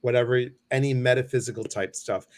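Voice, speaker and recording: A man's voice: medium pitch, fairly even intonation, brisk. A man hosting a livestream talk show, speaking casually in a playful, joking and slightly flustered way. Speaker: host.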